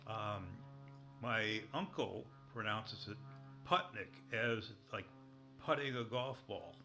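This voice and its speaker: A man's voice: lowish voice, takes it slowly, creaky, bright, forceful tone, faint music behind. A man taking part in an online discussion, speaking casually in a rambling, anecdotal way. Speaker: participant. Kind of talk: casual chat.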